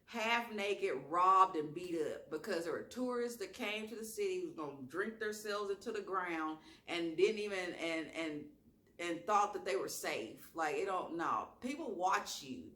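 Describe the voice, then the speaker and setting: A woman with a strong Southern accent, telling a wild story in a casual vlog with slang and lively asides. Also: fairly low pitch, normal speed. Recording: echoey room.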